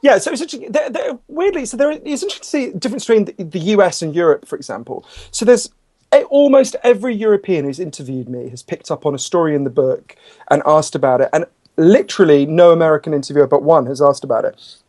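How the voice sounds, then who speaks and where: A man, a guest author in a podcast interview, telling stories in a quick, chatty, animated way with self-deprecating asides. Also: a little high. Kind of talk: conversational interview storytelling.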